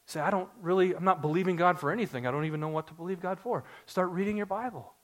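A man in his forties preaching a sermon to his congregation, earnest and story-driven, building to excited emphasis. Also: high voice, fast talker. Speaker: pastor.

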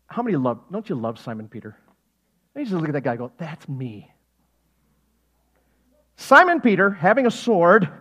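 A man preaching a sermon, animated and jokey, acting out quotes with sudden loud shouts and laughing often. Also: high voice. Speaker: pastor.

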